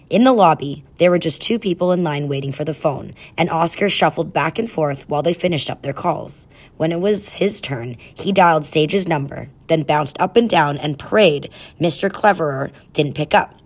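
A woman reading a children's storybook aloud in a soft, even storytelling way. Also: low-pitched, moderate pace. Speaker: narrator.

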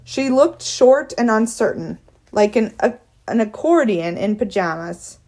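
A woman narrating a children's novel aloud in a clear, steady storytelling voice. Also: on the high side, measured pace. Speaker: audiobook narrator.

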